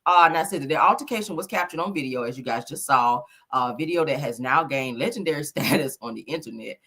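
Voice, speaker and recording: A man hosting a gossip commentary show, talking with dramatic exclamations and animated reactions. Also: medium pitch, fast talker, husky.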